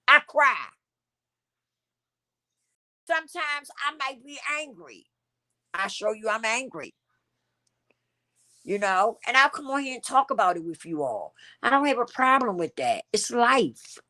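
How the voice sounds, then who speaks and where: A middle-aged woman speaks straight to her viewers in a heartfelt personal vlog. Her voice is bright and forward, and she talks openly about her feelings, circling back to repeat her points. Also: fairly high pitch. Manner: emotional, candid, repeats phrases for emphasis. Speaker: channel host.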